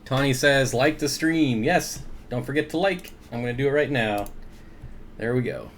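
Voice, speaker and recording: A man's voice: mid-range voice, lively intonation, normal speed, slight background noise. Easygoing man hosting a fish livestream. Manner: easygoing, greets viewers by name, chuckles often. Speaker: aquarium livestream host. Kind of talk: casual livestream chat, reading viewer comments.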